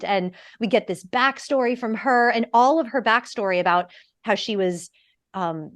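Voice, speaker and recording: A woman co-hosting a podcast, chatting casually about a film, gushing and animated, now and then swearing. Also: mid-range voice, no echo. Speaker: podcast co-host. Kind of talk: casual film review chat.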